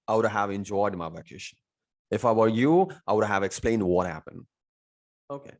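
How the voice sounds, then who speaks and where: Male tutor, lowish voice, self-answering teaching questions. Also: lively intonation, moderate pace. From India. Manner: repeats "means what?" and answers himself, many "you know" fillers. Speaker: English teacher. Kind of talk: recorded lesson explaining vocabulary.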